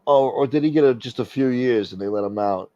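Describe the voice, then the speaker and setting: A man's voice: medium pitch, a little fast, dark tone, dry recording, highs cut off. A man hosting a casual livestream, reading out chat and rambling crudely with lots of swearing.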